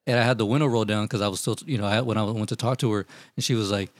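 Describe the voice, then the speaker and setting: Low-voiced guy telling a wild story fast, cussing, doing everybody's lines. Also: dry recording. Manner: profane, animated storytelling, acts out quotes. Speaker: storyteller among friends. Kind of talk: casual chat, telling stories.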